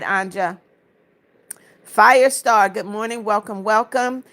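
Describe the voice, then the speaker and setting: Woman with a slightly high voice reading chat aloud. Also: fairly even intonation, a little slow, a bit bright. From Florida, United States. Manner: reads viewer comments aloud and answers each one; friendly greetings and blessings to viewers. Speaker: livestream host. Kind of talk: casual livestream chat.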